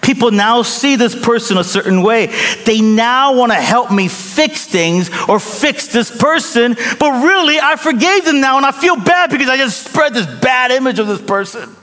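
A man preaching a sermon as a pastor, telling a story with lively acted-out quotes and calls to the congregation. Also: very high voice, moderate pace, few pauses, in a large hall.

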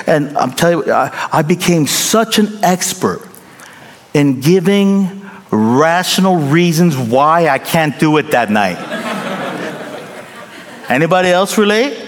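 A man preaching a sermon as a pastor, animated and humorous, acting out the voices of the people he quotes. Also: a little high, slow. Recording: long reverb in a large hall.

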